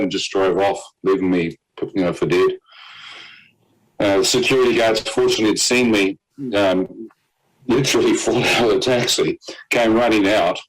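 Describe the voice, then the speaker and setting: Low-voiced man telling a dramatic testimony. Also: low-quality recording. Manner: vivid storyteller with fillers and short laughs. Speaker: guest giving a testimony. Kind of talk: personal testimony storytelling.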